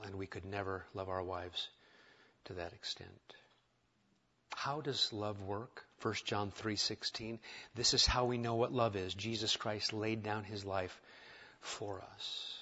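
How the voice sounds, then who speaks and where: A man preaching a sermon to his congregation, conversational and self-deprecating, moving from quiet asides to emphatic points. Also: lowish voice, fairly even intonation, measured pace, breathy edge, highs cut off. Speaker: pastor. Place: church sanctuary.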